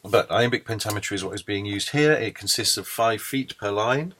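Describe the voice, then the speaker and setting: A man's voice: fairly low pitch, brisk, background noise. A man giving a screencast lecture on poetry, thoughtful and explanatory, with frequent ums and restarts. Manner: hesitant, many ums and restarts.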